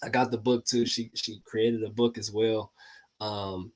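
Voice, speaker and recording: A host with a lowish voice gives a casual talk to his viewers at a measured pace. He's excitable and slangy, laughs often, and calls out to the audience.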